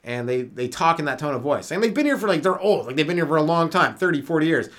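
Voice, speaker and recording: Rambling sleepless Canadian comic. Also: male voice, on the high side, animated, fast talker, a bit bright. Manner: loose, rambling, swears often, laughs at own jokes. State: sleep-deprived. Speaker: comedian podcast host. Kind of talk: rambling solo comedy podcast.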